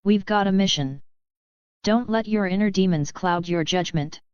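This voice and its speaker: A woman doing a calm, firm old ninja mentor. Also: mid-range voice, normal speed, smooth, no room sound, muffled recording, natural voice.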